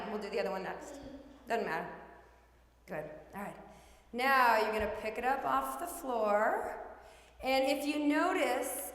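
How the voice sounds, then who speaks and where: A woman yoga instructor guiding a children's class with encouraging, playful cues. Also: fairly high pitch. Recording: echoey room with long reverb.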